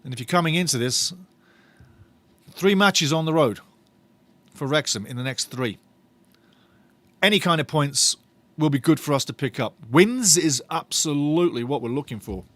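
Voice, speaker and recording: A man giving excited live match commentary as a fan on a watch-along stream, animated, repeating his phrases and laughing often. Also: a little high, moderate pace, pauses often, no room sound.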